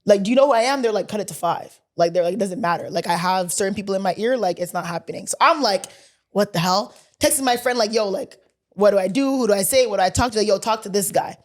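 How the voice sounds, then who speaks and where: A woman's voice: mid-range voice, fast talker. Young woman co-host, chatty storyteller who acts out every quote with laughs. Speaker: podcast co-host. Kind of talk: casual storytelling chat.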